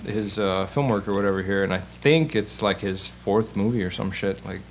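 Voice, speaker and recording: A man's voice: normal speed, over a noisy crowd. Laid-back swearing man, casual chat. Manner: laid-back, swears, drops into low mumbles.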